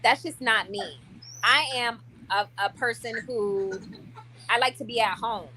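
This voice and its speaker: A young woman vlogging, talking to the camera in a casual, animated way, full of "like" and restarts. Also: a little high, a little slow, slight background noise. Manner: chatty and animated, many likes and restarts.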